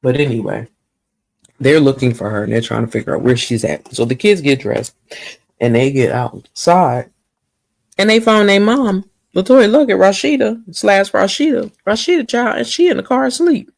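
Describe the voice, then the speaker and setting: A woman recapping a TV episode in a chatty, gossipy way, talking straight to her viewers. Her voice is gravelly with a lot of fry, and her pitch swoops up and down. She stays animated and opinionated throughout. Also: moderate pace, dry recording, studio quality. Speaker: TV recap vlogger.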